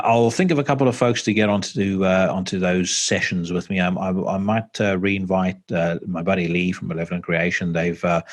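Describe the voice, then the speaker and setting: A man hosting a podcast, chatting casually and rambling with lots of fillers and the odd swear word. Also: low-pitched. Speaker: podcast host. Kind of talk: casual chat. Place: home podcast setup.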